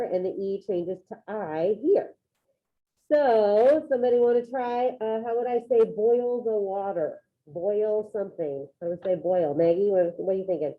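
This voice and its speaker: A woman leads an online Spanish lesson, upbeat and encouraging as she calls on students by name. Her voice sits in a middle range. The audio is narrow and tinny, like a phone line. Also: mid-range voice. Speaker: Spanish teacher.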